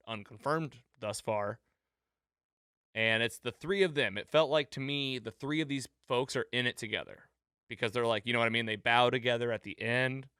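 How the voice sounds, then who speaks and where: Recorded dry with clean studio sound, this male co-host speaks at a medium pitch with a clear tone. He goes over a podcast episode casually, laughing frequently and performing quoted lines.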